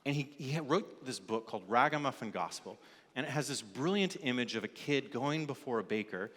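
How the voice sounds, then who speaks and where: A man's voice: medium pitch, expressive, a little fast, fairly bright tone, in a large hall. A man preaching a sermon as lead pastor in a church sanctuary, telling stories and acting out the people in them. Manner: storytelling, acting out characters in an illustration.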